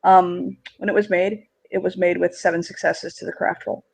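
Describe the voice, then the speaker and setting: A game master narrating a tabletop game, giving halting, filler-heavy descriptions of scenes and characters. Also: mid-range voice, little pitch movement, vocal fry, slightly rough, low-quality recording.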